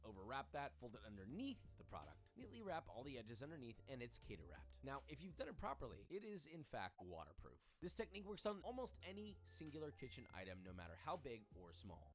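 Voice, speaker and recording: A man giving quick cooking tips in an energetic, jokey, emphatic way. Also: mid-range voice. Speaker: cooking instructor. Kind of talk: quick kitchen tips tutorial.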